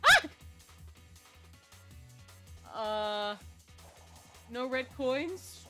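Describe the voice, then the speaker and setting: A woman's voice: on the high side, expressive, a little slow, a bit bright, soft background music. A woman streaming a video game in casual, playful chat, who slips into baby talk when she talks to her dog.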